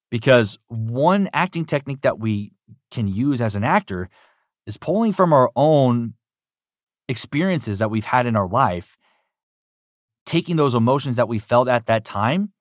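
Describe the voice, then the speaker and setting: A man's voice: medium pitch, no room sound, clean studio sound. A man who works as a voice actor, giving earnest, emphatic advice in an interview and repeating points for stress. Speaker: voice actor guest.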